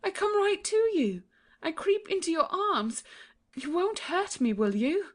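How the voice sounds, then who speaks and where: A woman's voice: very high-pitched, sing-song, measured pace, full character voice. A woman voicing a young, trusting princess, earnest and pleading in a childlike way. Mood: frightened.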